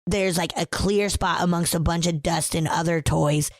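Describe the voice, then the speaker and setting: A woman's voice: fairly low pitch, fairly even intonation, moderate pace, no room sound, studio quality. A woman co-hosting a podcast, retelling a film plot in blunt, joking casual chat with plenty of swearing. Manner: blunt, swears, jokes, exaggerates. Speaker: podcast co-host.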